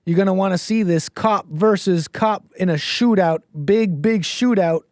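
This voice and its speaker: A man hosts a loose commentary livestream, riffing sarcastically and breaking into laughter. His voice sits a little on the high side. The recording is close and dry with no room sound. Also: moderate pace, a little mellow, dry recording. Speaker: livestream host. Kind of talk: casual commentary stream.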